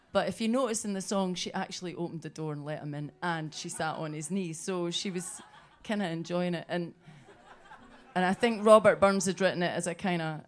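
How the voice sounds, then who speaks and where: A woman's voice: fairly low pitch, a little fast. A Scottish woman, a folk singer on stage, telling jokey stories between songs and coaxing the audience to sing along. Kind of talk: chatty between-song banter.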